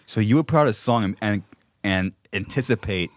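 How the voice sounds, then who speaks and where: A man's voice: on the low side, lively intonation, a little fast, dry recording. A man hosting a podcast, reacting with short interjections and questions. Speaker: podcast host. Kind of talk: casual interview chat. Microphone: podcast studio mic.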